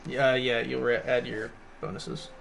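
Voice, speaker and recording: A man's voice: medium pitch, level tone, unhurried, creaky, a bit bright, a little hiss or hum. A man acting as game master, casually narrating a tabletop game and laughing often as he checks rules. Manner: laid-back, laughs often, rule checks mid-sentence.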